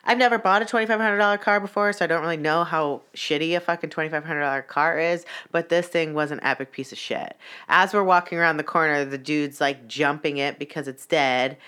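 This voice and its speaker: A woman's voice: sits low, brisk, a bit bright, clear, resonant tone. A young woman telling a story in casual, profane vlog style, with many "like" fillers and a voice that gets heated. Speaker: vlogger.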